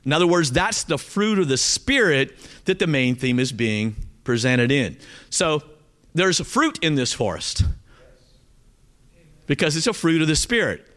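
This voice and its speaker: A male pastor with a Southern accent preaches an animated sermon, speaking straight to his congregation and checking in often with "okay?". His voice is on the high side, at a measured pace with long pauses.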